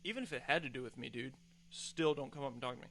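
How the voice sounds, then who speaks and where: A man's voice: mid-range voice, fast, fairly bright tone. A man hosting a podcast, telling a heated, profane, exasperated story in a casual rant. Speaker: podcast host. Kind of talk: casual ranting monologue.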